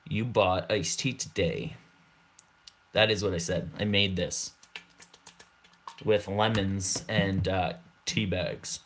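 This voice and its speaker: A young man chats with viewers in a relaxed, unhurried way, his voice sitting fairly low. He circles back on his own words and laughs along as he goes. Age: 20s. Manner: rambling, repeats words, laughs often. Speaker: channel host. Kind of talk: casual livestream chat.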